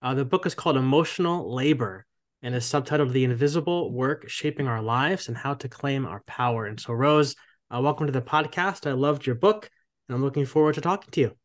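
A man's voice: mid-range voice, a little fast. A man hosting a podcast, interviewing a guest in a friendly, earnest way with frequent fillers. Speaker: podcast host.

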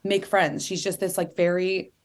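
A woman author being interviewed, talking earnestly and animatedly and acting out quotes in lively voices. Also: lowish voice, normal speed. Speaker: author and guest. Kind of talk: candid interview conversation.

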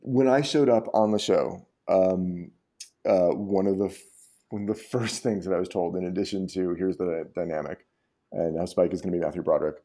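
A man guesting on a podcast as a former TV writer, recalling the job in a reflective, halting, self-deprecating way. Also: low-pitched, fairly even intonation, mellow. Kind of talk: casual interview chat.

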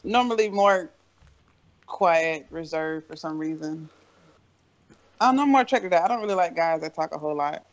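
A man's voice: on the high side, moderate pace, pauses often, muffled recording. A young man co-hosting a casual podcast, telling stories and laughing between lines. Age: young adult. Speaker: podcast co-host. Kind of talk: casual group chat.

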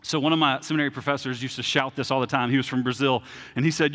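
A man with a fairly high voice preaches a sermon that sounds like a conversation, plain-spoken and self-deprecating, often pausing to ask "okay?". His voice carries a long reverb, as if from a large church hall. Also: a bit bright. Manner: informal and plain-spoken, with frequent "okay?" check-ins and self-deprecating humor. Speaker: pastor.

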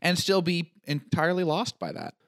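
A man's voice: a little high, moderate pace, fairly bright tone, no room sound, studio quality. A man hosting a podcast in casual chat, joking his way through the plugs and sign-off. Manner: joking, playful delivery of plugs. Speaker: podcast host.

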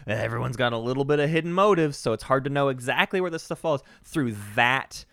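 A man's voice: mid-range voice, brisk, vocal fry, a bit bright, smooth, no room sound. A man talks through board game strategy in an earnest, explaining way, restarting his sentences as he thinks. His voice sits in an average range, and the recording is dry and close. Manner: earnest, explanatory, repeats words. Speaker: podcast co-host. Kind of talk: casual chat about board games.

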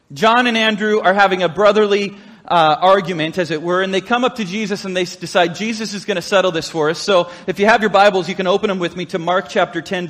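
High-voiced man preaching a casual sermon. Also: fairly bright tone, in a large hall. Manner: casual, joking asides and playful quoted voices. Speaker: pastor.

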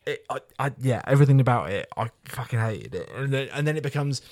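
A man's voice: medium pitch, animated, fast talker, darkish tone, dry recording, clean studio sound. A man ranting and swearing freely while reviewing a film on a casual podcast. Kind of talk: casual chat.

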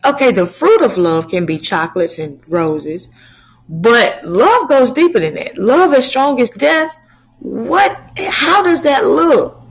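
Slow, breathy woman preaching. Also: mid-range voice, poor audio. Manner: slow, drawn-out preaching with rhetorical questions. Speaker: channel host preacher. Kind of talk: sermon.

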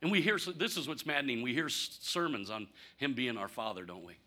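A man preaching a conversational sermon, candid and humorous, asking rhetorical questions and swinging from punchy lines to near-quiet asides. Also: medium pitch, brisk. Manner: animated, rhetorical questions, sudden drops to quiet; candid, self-deprecating humor. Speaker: pastor.

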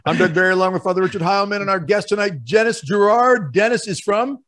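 A man's voice: high-pitched, fast, a bit bright. A man hosting a podcast, talking with enthusiasm and rattling off long promotional lists. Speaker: podcast host.

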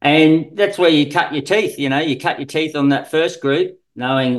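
A man's voice: a little high, moderate pace, hardly any pauses, rough recording. A man, a swimming coach, talking casually on a podcast in a rambling, unpolished way. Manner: rambling, many fillers and restarts. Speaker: swim coach guest.

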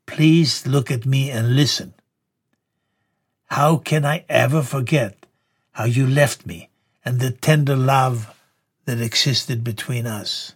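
Guy reading simon, deep wounded guy voice, slow and husky, begging and blaming. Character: man Simon speaking through a woman, deep and aggrieved.

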